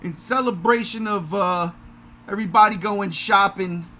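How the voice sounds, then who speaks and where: A man hosting a podcast livestream in a casual, energetic, self-mocking way. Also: high voice, normal speed, slight background noise. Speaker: podcast host.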